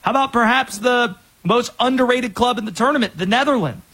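Male sports talk host, high husky voice, animated, opinionated rundowns. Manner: energetic, opinionated, quick rundowns.

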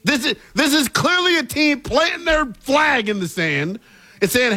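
Male sports talk co-host with a high, lively voice and a playful, opinionated manner. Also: a little slow. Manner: animated, opinionated, playful teasing.

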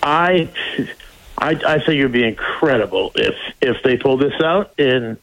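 A man's voice: medium pitch, lively intonation, moderate pace, gravelly, a bit bright. A man in his fifties calling in to a sports radio show, friendly and gushing. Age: 50s. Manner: friendly, gushing, stammers at the start. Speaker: caller. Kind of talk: casual call-in chat. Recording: dull phone-line sound.

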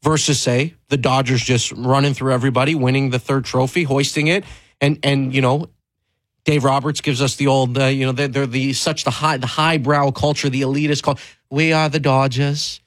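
A man's voice: mid-range voice, flat delivery, fairly quick, no echo, low-quality recording. Emphatic man hosting sports talk. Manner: emphatic and candid, with frequent restarts and rising stress. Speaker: sports talk show host.

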